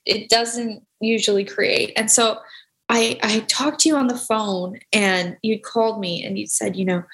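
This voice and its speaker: A woman's voice: medium pitch, a bit bright. A woman hosting a podcast, talking in an effusive way with loose, looping phrases. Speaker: podcast host. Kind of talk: casual podcast conversation.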